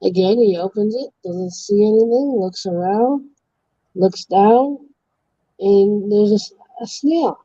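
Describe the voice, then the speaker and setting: A woman's voice: mid-range voice, slow pace, mellow, dry recording, lo-fi sound. A woman hosting a livestream, casually telling long jokes. She trails off, restarts and corrects herself mid-story, and laughs at her own punchlines. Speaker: livestream host.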